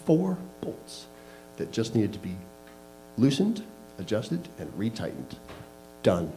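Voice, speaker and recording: A man's voice: medium pitch, wildly swooping pitch, very slow, dark tone, a little hiss or hum, low-quality recording. A man telling a candid personal story to a live audience, laughing at himself as he goes. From Canada. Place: small live venue.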